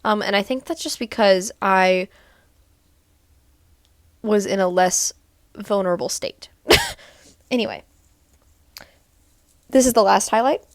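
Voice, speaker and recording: A woman's voice: mid-range voice, takes it slowly, long pauses. A woman from Texas talking casually to camera in a rambling vlog recap, full of "like" and "um". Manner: rambling, lots of "like" and "um". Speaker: vlogger.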